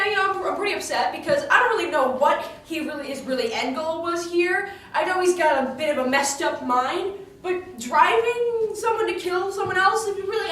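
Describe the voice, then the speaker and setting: Speaking with an extremely high, slightly bright voice, a woman performs an in-character monologue retelling a tragedy. She's indignant and chatty, full of fillers and restarts, recorded in an echoey space on a distant mic with faint ambience.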